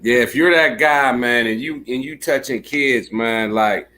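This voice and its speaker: A man's voice: mid-range voice, unhurried, bright, forceful tone, low-quality recording. A man on a discussion panel, talking casually and stumbling over repeated words as he makes his point. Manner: casual talk with stammering repeats.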